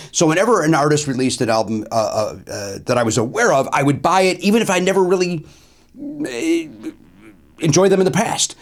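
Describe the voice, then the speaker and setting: A middle-aged male comedian and host telling a story in a lively monologue, full of ums and uhs, pushing his voice up to stress the punchlines. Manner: animated, swings pitch up for emphasis, filler-heavy.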